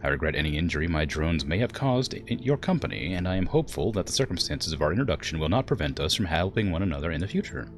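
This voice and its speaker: A man voicing an ancient male AI weapons platform, calm and formal, in a smooth put-on generic English accent. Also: deep voice, quick pace, hardly any pauses. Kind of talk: reading game dialogue aloud.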